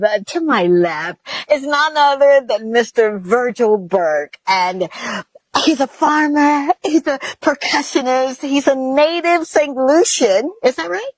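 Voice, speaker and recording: A woman's voice: a little high, low-quality recording. A woman from Mississippi, hosting a talk show in a bubbly way, laughing often and speaking straight to viewers. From Mississippi, USA.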